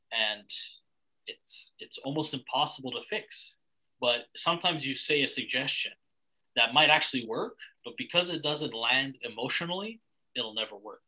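A man's voice: mid-range voice, normal speed, long pauses, bright, forceful tone, rough recording. A young man from Canada hosting a casual podcast chat, blunt and rambling, swearing freely with lots of restarts. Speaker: podcast host.

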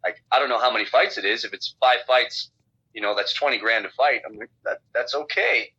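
Over dull lo-fi phone audio, a professional fighter gives a casual interview in a husky, mid-range voice that runs fairly quick. He's blunt and profane, telling his stories with animation.

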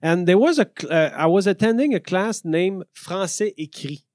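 A man with a high, light voice chats in English. He halts often, restarts his sentences and fills gaps with uh. The sound is close and dry. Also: lively intonation, a little mellow, no room sound. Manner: halting, many uhs and restarts, laughs easily. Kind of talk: casual chat.

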